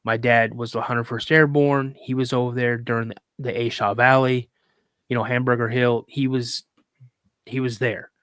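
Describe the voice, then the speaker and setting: A man, a podcast guest, telling a story in a casual, animated way with acted quotes. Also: mid-range voice, normal speed, clean tone, no room sound, clean studio sound. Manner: rambling with restarts.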